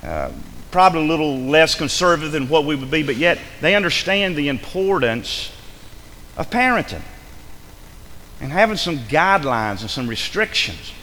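A man preaching a sermon, lively and forceful, acting out the voices of the people he addresses. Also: a little high, normal speed, big-room sound, slight background noise, poor audio. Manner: animated preaching, acts out imagined voices. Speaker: pastor.

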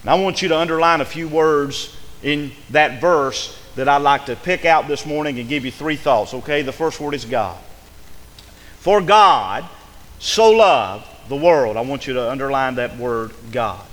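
A man's voice: mid-range voice, normal speed, fairly bright tone, big-room sound. A man preaching a sermon from the pulpit, building into emphatic, chanting repetition. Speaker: pastor. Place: church sanctuary.

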